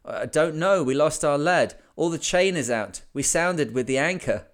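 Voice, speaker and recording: A man voicing a naive young yacht owner who shouts anxiously from his wrecked boat in a read-aloud sea story. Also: fairly high pitch, pitched above the performer's own voice, close to an everyday voice. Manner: shouting, raised and hurried.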